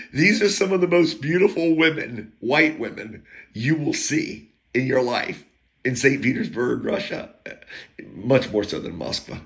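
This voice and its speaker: Male storyteller, gravelly and sharp-toned, blunt and crude, rambling with side rants. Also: medium pitch, a little hiss or hum.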